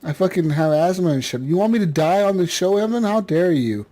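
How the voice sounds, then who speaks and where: A man's voice: high-pitched, animated, fairly quick, mellow. A man hosting a gaming podcast in casual chat, joking, laughing often and swearing freely. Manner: laughing, swearing, loose and jokey. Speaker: podcast host.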